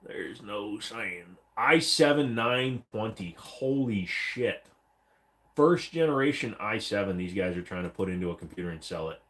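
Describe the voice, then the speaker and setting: Blunt, profane livestream host, fairly low voice. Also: male voice, expressive, moderate pace, few pauses, fairly bright tone. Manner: blunt, profane and rambling, mock-voices chat messages. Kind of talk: casual live chat reading viewer comments.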